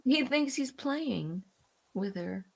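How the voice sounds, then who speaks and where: Middle-aged woman, podcast co-host, calm, reasoning, casual chat. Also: a little high, takes it slowly, creaky. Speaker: podcast co-host, the host's mother.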